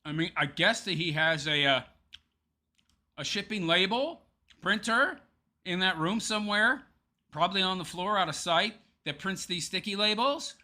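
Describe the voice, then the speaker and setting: A man's voice: sits high, normal speed, bright, forceful tone. A man hosting a commentary show, talking sarcastically over a clip and laughing often at his target. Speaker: show host.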